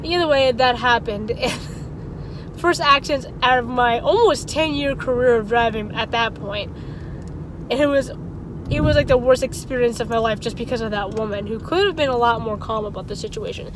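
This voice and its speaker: A woman in her twenties tells a story in a casual, rambling vlog, chatty and laughing often. Her voice is a little high at normal speed, with noisy outdoor traffic in the background.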